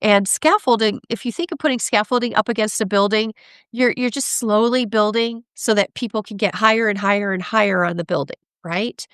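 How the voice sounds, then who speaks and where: Animated woman expert, very dry sound. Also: medium pitch, a little fast, smooth, no echo. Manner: animated, acts out parents and kids in quoted voices; frequent laughs and "right?" tags. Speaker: guest expert. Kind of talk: conversational interview.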